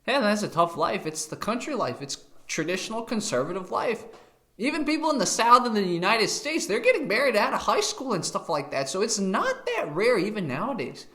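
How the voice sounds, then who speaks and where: A man giving excitable, animated reaction commentary on a video clip. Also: sits high, brisk.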